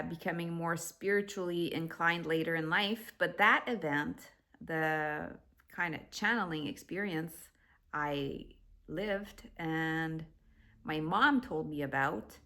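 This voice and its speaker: A woman vlogger telling a personal spiritual story to the camera, reflective and unhurried, with fillers and restarts. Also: lowish voice, pushed and bright.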